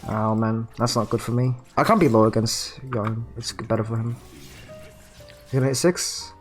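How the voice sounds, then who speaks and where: A man streaming a video game, muttering about his play and bursting into frustrated shouting and swearing. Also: mid-range voice, normal speed, soft background music. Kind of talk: live game commentary.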